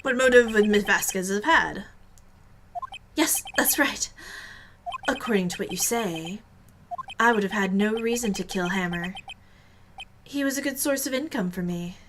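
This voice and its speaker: A woman voicing a cold, calculating female film executive in a flat, controlled way. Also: medium pitch, measured pace, long pauses, noisy background, natural voice.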